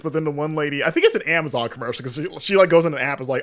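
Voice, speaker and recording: Playful man with a higher voice. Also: racing, fairly bright tone. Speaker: podcast co-host. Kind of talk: casual chat.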